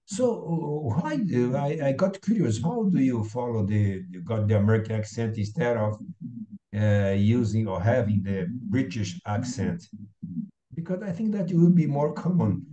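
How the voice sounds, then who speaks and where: A man hosting a casual video-call interview, asking questions haltingly while he searches for words. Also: mid-range voice, expressive, warm tone, echoey room, highs cut off.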